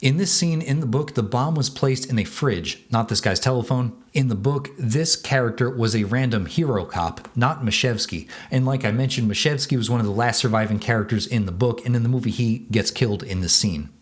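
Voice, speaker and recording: Male reviewer, mid pitch, plainspoken and casual commentary read. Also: a little fast, hardly any pauses. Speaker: book and film reviewer. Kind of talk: scripted video commentary.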